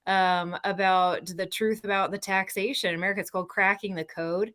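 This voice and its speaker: Female podcast co-host, mid-pitched, earnest, animated storyteller. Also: brisk. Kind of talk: casual podcast chat.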